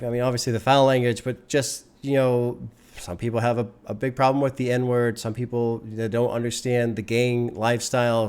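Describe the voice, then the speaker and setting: A man who runs a music reaction channel, talking casually to his viewers in an earnest, rambling way and repeating phrases for emphasis. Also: mid-range voice. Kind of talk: casual talk to camera.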